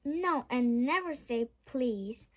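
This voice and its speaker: Brief: snappish storybook mother witch, high and slow, read by a woman. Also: expressive, full character voice. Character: cranky mother witch who loves badness.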